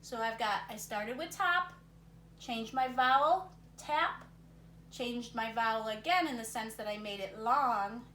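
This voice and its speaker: The teacher's fairly high voice is bright and forceful as she guides young students through a word game, encouraging them and thinking out loud. This recorded reading lesson has roomy, distant sound and slight noise.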